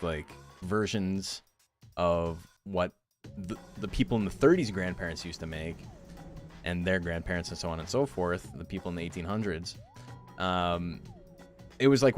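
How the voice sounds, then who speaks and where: A young man chatting casually on a game stream, rambling with lots of fillers and frequent laughs. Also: deep voice. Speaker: streamer and game tournament host. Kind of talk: casual chat while streaming.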